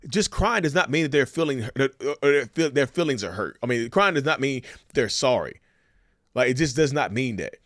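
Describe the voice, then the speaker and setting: A man's voice: medium pitch, lively intonation, brisk, fairly bright tone, no echo, clean studio sound. A man giving casual, emphatic commentary on relationships, asking the viewers rhetorical questions and calling them y'all. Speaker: commentator sharing a narcissist's view.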